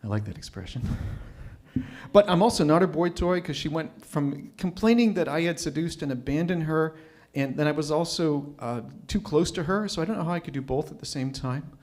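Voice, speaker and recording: A man's voice: fairly high pitch, animated, brisk, darkish tone. A man telling a personal story at a live storytelling night, wry and self-mocking.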